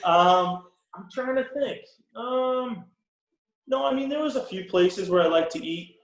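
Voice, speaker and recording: A young man with a Boston accent, a guest in a casual interview, relaxed and rambling with many ums and restarts. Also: sits high, unhurried. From Boston area. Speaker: podcast guest, pro hockey player. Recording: roomy echo.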